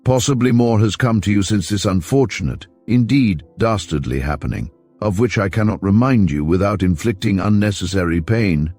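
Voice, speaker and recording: A man voicing a fussy, mild middle-aged investigator who speaks softly and pedantically, low in pitch, for an audiobook. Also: normal speed, faint music behind, natural voice. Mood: prim.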